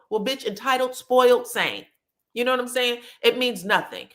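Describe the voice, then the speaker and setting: A woman hosting a reality TV recap, telling the story in an animated, sassy and profane way. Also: on the high side, moderate pace. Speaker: host.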